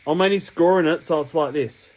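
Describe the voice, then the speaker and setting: A man's voice: on the high side, fairly quick, darkish tone, poor audio. An Australian man with a slightly raised voice walks through a hands-on task in casual, wandering steps. He sounds a bit sniffly from a cold. His explanations keep looping back to correct themselves. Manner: rambling, chatty, self-correcting explanations. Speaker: hobby channel host. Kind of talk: casual step-by-step tutorial. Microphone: camera mic while working.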